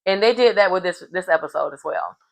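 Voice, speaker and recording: A woman giving a casual, animated episode recap of a reality show and acting out the people she quotes. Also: on the low side, brisk, gravelly, poor audio. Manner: animated storytelling, acts out quotes.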